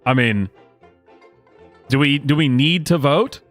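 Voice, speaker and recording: A man's voice: mid-range voice, slow, fairly bright tone, faint music behind. A man hosting a show where he reacts to videos, talking sarcastically and laughing often. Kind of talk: casual reaction commentary.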